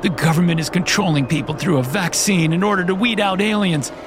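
A man's voice: brisk, lightly acted. A man voicing a panicked, paranoid man in a strained, raised voice over background music. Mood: frantic. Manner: high, strained, frantic. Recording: music playing behind.

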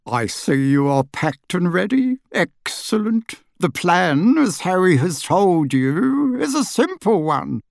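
A man voicing an excitable, overly polite small older wizard with a squeaky voice. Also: takes it slowly, creaky, few pauses, no echo, clean studio sound, full character voice. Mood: excited, polite.

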